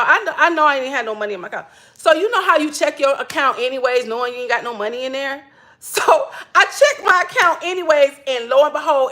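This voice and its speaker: Bright high-voiced woman chatting. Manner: chatty, repeats "literally", laughs often. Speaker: spiritual wellness creator. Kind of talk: casual storytelling to viewers.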